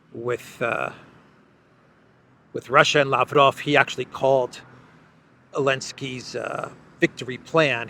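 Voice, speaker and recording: A man hosting a political commentary show, speaking in a sardonic, halting way and chuckling often as he talks. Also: medium pitch, fairly bright tone, a little hiss or hum. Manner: halting, many restarts. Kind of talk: casual news commentary.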